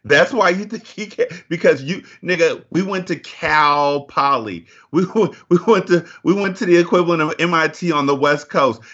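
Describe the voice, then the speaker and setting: A man's voice: sits high, brisk, hardly any pauses, a bit bright, highs cut off. A man in a casual movie review chat, talking in a heated, profane rant.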